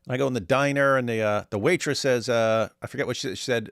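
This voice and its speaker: A man's voice: medium pitch, steady tone, fast, few pauses, a bit bright, no room sound, clean studio sound. A man hosting a casual reaction commentary, telling rambling stories with jokes and sarcasm. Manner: rambling, joking, sarcastic storytelling. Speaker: commentary host.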